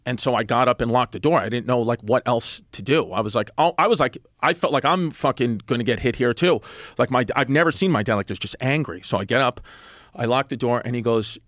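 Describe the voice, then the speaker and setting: A man's voice: medium pitch, no room sound, clean studio sound. A middle-aged man, telling a comic story on a podcast and acting out quotes. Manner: animated, fast storytelling with acted-out quotes. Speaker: comedian guest. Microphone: studio podcast microphone.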